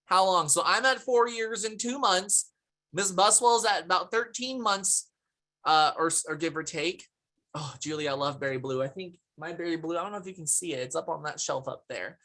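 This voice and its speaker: This woman speaks a little low, at an ordinary pace, with a slightly bright edge. Through a computer mic on a video call, she presents a product live in a chatty, cheerful way, laughing frequently and greeting people from the chat by name.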